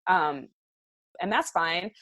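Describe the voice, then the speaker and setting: A woman's voice: fairly low pitch, animated, slow, a bit bright, no room sound. A woman from Canada, a podcast guest, speaking bluntly and emphatically in a candid interview, swearing freely.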